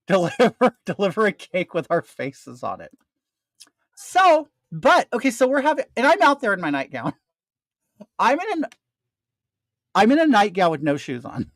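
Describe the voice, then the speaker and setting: Older man ranting through a lively story. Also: high-pitched, dry recording. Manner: animated, profane, ranting. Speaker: storyteller addressing his audience. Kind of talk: casual storytelling.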